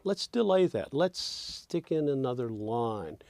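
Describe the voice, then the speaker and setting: A man teaching songwriting, thinking aloud as he drafts lyrics and quietly hums and sings the lines he is trying out. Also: medium pitch, sing-song, measured pace, dry recording.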